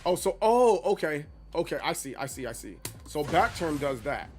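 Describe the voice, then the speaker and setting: A man casually commenting on his live stream, chatty and animated as he talks to his chat between rounds. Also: on the high side, normal speed, soft background music. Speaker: game streamer.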